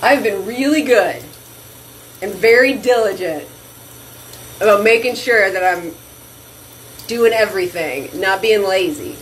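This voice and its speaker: A woman's voice: medium pitch, a little slow, pauses often, slight background noise, rough recording. A woman hosting a casual vlog, chatting effusively to her viewers from a bathroom sink at home. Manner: chatty and effusive, says "y'all". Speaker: vlog host. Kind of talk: casual chat to camera.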